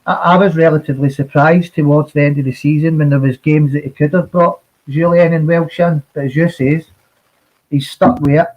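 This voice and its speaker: A man guesting on a football podcast, talking in a halting way with lots of repeated words and swearing. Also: on the high side, fairly even intonation. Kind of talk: casual football podcast chat. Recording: dull lo-fi audio.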